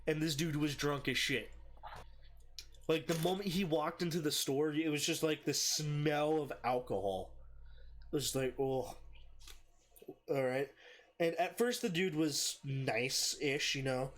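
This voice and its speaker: A young man hosting a podcast, telling a rowdy story in casual chat, heavy on swearing and loud acted-out quotes. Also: fairly high pitch, unhurried. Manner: profane, animated, shouts in quoted voices.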